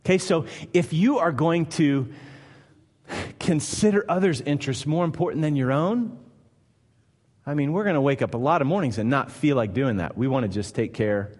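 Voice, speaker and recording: A man's voice: fairly high pitch, normal speed, darkish tone, long reverb tail. A man preaching a sermon in an emphatic style, often asking the listeners rhetorical questions.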